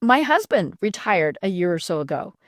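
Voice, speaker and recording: A woman's voice: mid-range voice, normal speed, no room sound, clean studio sound. Chatty middle-aged woman podcast host. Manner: chatty and animated, laughs often, many "you know" fillers. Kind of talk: casual conversational interview.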